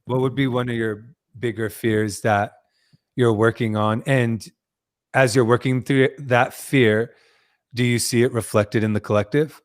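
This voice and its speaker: Guy hosting a spiritual podcast, talks real slow, earnest and rambly. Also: mid-range voice, fairly even intonation. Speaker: host.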